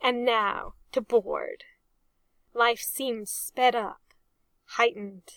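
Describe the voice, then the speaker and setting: A woman narrating a storybook aloud with an amused, expressive reading. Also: a little high, very slow, dry recording.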